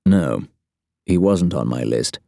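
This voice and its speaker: A man doing a cold spymaster in a deep, dark voice. He talks tersely and measuredly, with long silences between his lines. The sound is dry and close. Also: animated, slow pace, vocal fry, no echo, full character voice. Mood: curt. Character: cold, terse male spy chief.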